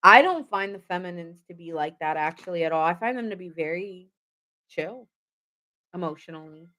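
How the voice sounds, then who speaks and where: A woman's voice: fairly low pitch, expressive, moderate pace, pushed and bright. Young woman doing a chill tarot reading, chatty and rambly, says like a lot, laughs a bunch. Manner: chats with viewers in the comments. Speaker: tarot reader. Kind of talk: casual live tarot reading.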